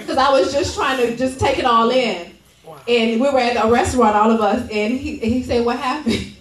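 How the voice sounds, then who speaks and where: A woman's voice: a little high, moderate pace. A woman telling a personal story on stage at a training event, laughing often and speaking with grateful emotion. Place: large event room. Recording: echoey hall, mic at a distance.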